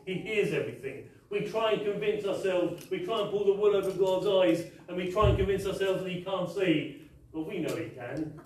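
Echoey preacher in a church hall. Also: male voice, sits high, a little mellow, slight background noise. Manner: emphatic, repetitive rhetorical questions. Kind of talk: sermon. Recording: very echoey hall, mic far off.

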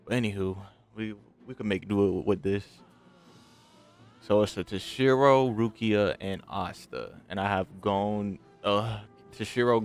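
A young man giving casual gameplay commentary, trash-talking his opponent and swinging from grumbling to hype. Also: on the low side. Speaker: gaming channel host. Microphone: desk mic with game audio.

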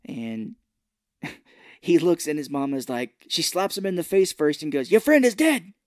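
A man's voice: on the high side, a little slow, no room sound, clean studio sound. A man co-hosting a podcast, retelling a movie plot in casual chat and acting out the characters' lines. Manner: animated retelling, acting out quotes. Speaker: podcast co-host. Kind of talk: casual film recap chat.

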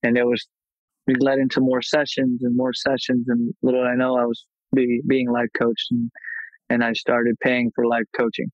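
A man in his thirties, a martial arts instructor, telling his life story openly in a casual podcast interview, animated when he retells scenes. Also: mid-range voice, moderate pace, no echo, highs cut off.

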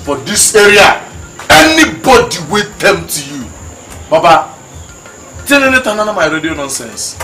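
A brash young gang member bantering in a Nigerian Pidgin accent, his voice high and lively. Film music plays clearly under him. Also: unhurried, pauses often, full character voice. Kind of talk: Nollywood film acting. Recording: film scene over music.

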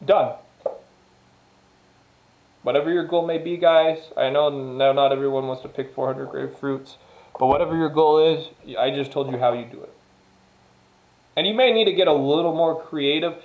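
A man's voice: a little high, moderate pace, pauses often, phone-quality sound. A man giving a casual motivational monologue straight to viewers, emphatic and repetitive, swearing freely. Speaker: motivational vlogger. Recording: echoey room.

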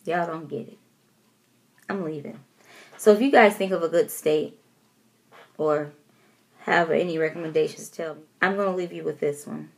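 A woman from Detroit telling a story to her camera at home in a casual vlog, animated and expressive, laughing often and acting out what people said. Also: deep voice, moderate pace, gravelly, pauses often. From Detroit, USA. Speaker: vlogger.

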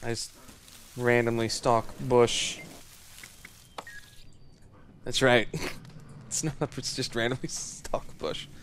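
A man giving casual let's play commentary, excitable and joking, swearing and laughing at the game. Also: medium pitch, slow pace, pauses often, a little hiss or hum. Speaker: gamer. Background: game music.

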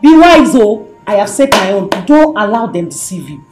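An actress with a Nigerian accent playing a sister who gives firm advice in a film. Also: female voice, mid-range voice, very animated, normal speed, roomy sound, music in the background, close to an everyday voice. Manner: advising, firm. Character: sister giving stern advice. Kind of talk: Nollywood film acting.

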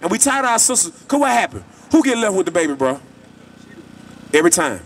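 Man preaching outside, high voice, kinda far off with some street noise. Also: big pitch swings, fast. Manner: emphatic, repetitive, colloquial. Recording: distant mic, traffic noise.

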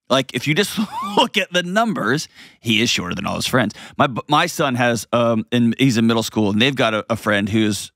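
A man's voice: fairly low pitch, vocal fry, no echo. Guy hosting a call-in advice show, dry close mic, jumps into stories, lots of restarts. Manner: animated, storytelling, frequent restarts and quick asides. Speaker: host giving advice.

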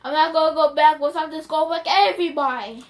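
Excitable high-voiced woman gamer. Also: fast talker, recorded from a distance. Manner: excitable, gasping and shrieking at near misses. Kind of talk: casual gameplay commentary. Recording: game music playing underneath.

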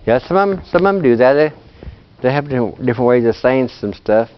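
A man teaching a language class, talking in a relaxed, chatty way and laughing often. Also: mid-range voice, fast talker, clear, resonant tone, muffled recording. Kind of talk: classroom lesson.

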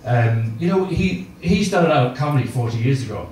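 A middle-aged stand-up comic spins self-mocking, rambling stories with filler words at a live comedy gig. His medium-pitched voice is a little mellow, with lively intonation at a moderate pace. The mic is far off in an echoey room, and there's slight background noise.

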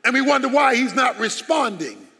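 A man's voice: extremely high pitch, big pitch swings, moderate pace, bright, forceful tone, breathy edge. A man preaching a sermon as pastor, emphatic and full of rhetorical questions. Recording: long hall reverb.

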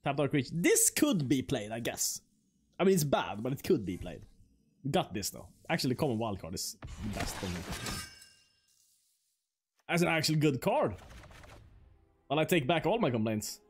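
Playful man with a lively voice. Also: mid-range voice, normal speed, pauses often, breathy edge, faint music behind. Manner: playful, joking, laughs often, mock-French asides. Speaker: streamer playing a card game. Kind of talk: casual gameplay commentary.

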